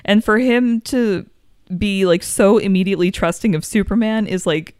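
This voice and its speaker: A woman co-hosting a podcast, chatting casually and enthusiastically, quick to laugh. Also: medium pitch, darkish tone, clear, resonant tone, no room sound, studio quality. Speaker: podcast co-host. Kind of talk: casual chat.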